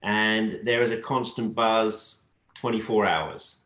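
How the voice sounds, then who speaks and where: A man being interviewed as a guest in a casual chat, talking in a relaxed, halting way with frequent restarts. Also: lowish voice, echoey room. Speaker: guest, dance adjudicator.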